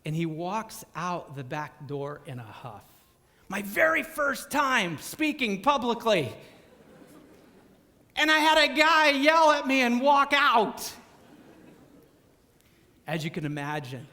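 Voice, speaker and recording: A male preacher telling a story in a sermon, animated and often repeating words as he stumbles. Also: high-pitched, takes it slowly, pauses often, big-room sound.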